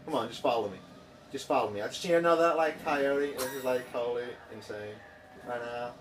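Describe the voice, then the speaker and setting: A man's voice: medium pitch, brisk, far from the mic, crowd noise, pitched below the performer's own voice, close to an everyday voice, rough recording. A man putting on a ditzy tan guy with a mock Quebec accent. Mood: giddy. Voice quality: breezy, valley-speak drawl full of "oh my God" and "like". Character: ditzy tanned young man with a faked Canadian accent. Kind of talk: improvised voice-over on game footage.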